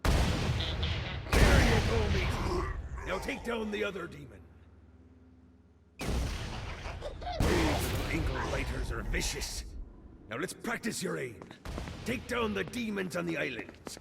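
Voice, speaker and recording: An actor playing a boastful male pirate captain with a hammy, growling pirate accent and a gravelly voice, in game audio. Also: high-pitched, big pitch swings, unhurried, pauses often, very noisy, full character voice. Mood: instructive. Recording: game audio with loud music.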